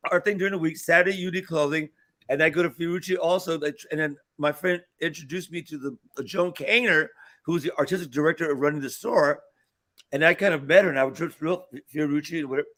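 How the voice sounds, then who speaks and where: A man's voice: a little high, a bit bright. A man in his sixties, a talk show guest telling long rambling anecdotes with many fillers and restarts, acting out the voices of the people in his stories. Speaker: guest performer. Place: restaurant, live broadcast.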